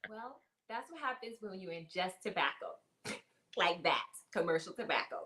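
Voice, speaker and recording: A woman's voice: on the low side, very animated, normal speed, a bit bright. A woman hosting a casual ministry talk show, chatting and reading out viewer comments. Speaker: host.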